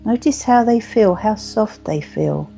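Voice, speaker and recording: Slow, gravelly-voiced woman guiding meditation. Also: mid-range voice, animated, warm tone. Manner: slow, soothing, repetitive guidance. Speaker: meditation teacher. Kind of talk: guided meditation. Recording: muffled lo-fi recording with faint music.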